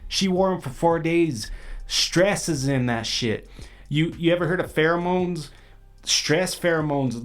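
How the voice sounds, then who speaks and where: A man's voice: a little high, fairly bright tone. A young man hosting his own podcast, talking in a brash, profane, boastful monologue. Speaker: podcast host. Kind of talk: crude comedic monologue.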